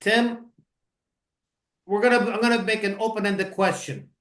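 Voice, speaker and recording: A man's voice: high-pitched, steady tone, normal speed, fairly bright tone. Formal male host in an echoey room. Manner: formal, effusive introductions. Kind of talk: radio interview. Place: home studio in Miami.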